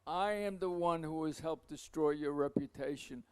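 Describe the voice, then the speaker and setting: A man's voice: a little high, moderate pace, smooth, close to an everyday voice. A man quoting a smug, contemptuous critic. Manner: contemptuous, self-satisfied. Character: smug dandified male architecture critic.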